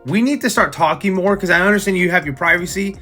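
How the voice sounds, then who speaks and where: A man voicing a caring older aunt who gently scolds, talking quickly. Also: high voice, soft background music. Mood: chiding.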